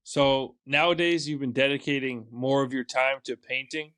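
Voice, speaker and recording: Canadian guy hosting an interview, quiet, lots of "like", mid voice. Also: medium pitch, steady tone, moderate pace. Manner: soft-spoken, filler-heavy questions. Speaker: interview host. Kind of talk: casual interview.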